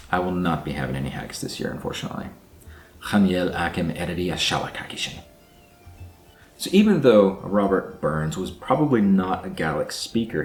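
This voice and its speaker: A man's voice: low voice, darkish tone. A man hosting a casual language-learning vlog, explaining in a chatty way and thinking aloud as he works through words. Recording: echoey room with faint music.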